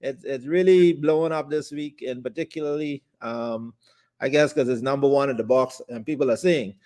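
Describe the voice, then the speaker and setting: A man's voice: mid-range voice, moderate pace, darkish tone. A man co-hosting a casual talk show, easygoing and chatty, with frequent fillers and laughter. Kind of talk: casual chat.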